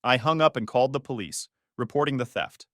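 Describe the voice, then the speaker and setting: A man's voice: mid-range voice, fairly quick, a bit bright, no echo, clean studio sound. A man narrating a first-person story in a tense, dramatic way.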